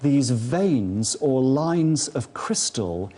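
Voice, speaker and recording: A man's voice: medium pitch, expressive, very slow, warm tone. A man speaking as a TV studio guest, hesitant and stammering slightly. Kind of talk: TV interview remarks.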